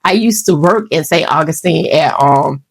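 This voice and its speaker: A woman's voice: low-pitched, moderate pace, creaky, husky. A woman host comments on clips in an opinionated, conversational way. Her recording is dry, with no room echo.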